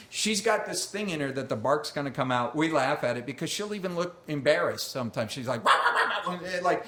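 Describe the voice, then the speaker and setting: A man's voice: on the high side, fairly bright tone. A man preaching a conversational sermon, chatty and self-deprecating, acting out quoted voices along the way. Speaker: pastor. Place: church sanctuary. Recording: roomy church sanctuary echo.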